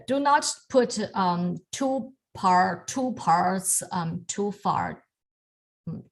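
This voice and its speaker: A woman teaching calligraphy over a video call, with halting phrasing and frequent restarts. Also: fairly low pitch. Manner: halting, many fillers and restarts, soft laughs. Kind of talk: online lesson demonstrating strokes.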